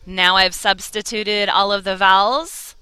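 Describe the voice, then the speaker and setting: A woman's voice: medium pitch, fairly even intonation, unhurried, sharp tone, clear, resonant tone, no echo. A woman teaching a Spanish lesson, encouraging and carefully over-articulating each vowel. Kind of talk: slow, clear language lesson.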